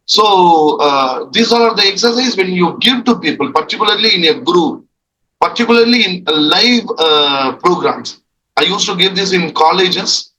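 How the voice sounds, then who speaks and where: Bright-voiced Indian man leading a training. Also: high voice, expressive, normal speed, rough recording. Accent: Indian English. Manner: explains step by step, repeats thanks. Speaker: NLP trainer. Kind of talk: online group training session.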